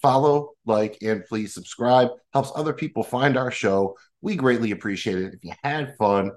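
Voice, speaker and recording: A man's voice: mid-range voice, normal speed, few pauses. A man co-hosting a TV-show podcast, laid-back and goofy, with some swearing. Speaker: podcast co-host. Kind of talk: casual podcast chat.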